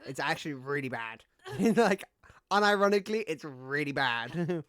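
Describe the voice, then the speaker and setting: A man's voice: on the high side, lively intonation, normal speed, bright, forceful tone, clear, resonant tone, no echo, clean studio sound. A man streaming a video game, chatting casually in a rambling way, full of fillers and swearing. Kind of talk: casual gaming stream chat.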